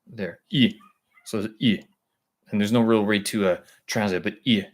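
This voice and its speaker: Man hosting a casual live stream; low voice, halting, searches for words. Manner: explains casually to viewers. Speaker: language learner streaming live. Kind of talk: live stream, thinking aloud.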